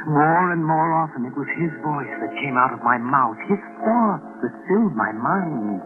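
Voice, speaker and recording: A man's voice: on the high side, lively intonation, moderate pace, close to an everyday voice. A man playing an anxious, haunted young man. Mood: brooding. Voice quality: tense, anxious narration. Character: haunted young man narrating his terror. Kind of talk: 1940s radio acting. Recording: tinny old radio broadcast with music.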